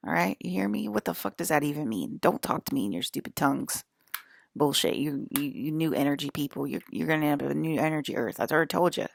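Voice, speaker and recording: A woman's voice: sits low, animated, quick pace, creaky. A woman in her forties hosting a livestream, rambling angrily and swearing at her viewers. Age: 40s. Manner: angry, profane, scolding her viewers; rambling with frequent restarts. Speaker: livestream channel host. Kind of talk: rambling spiritual livestream monologue.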